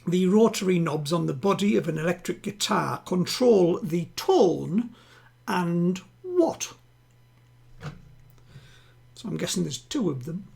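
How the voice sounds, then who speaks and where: Man, home quiz host, chatty, gravelly voice, repeats questions slowly. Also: high voice, sing-song, a little mellow. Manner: chatty, reads each question twice, slowly. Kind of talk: live-streamed home quiz hosting. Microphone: home streaming setup.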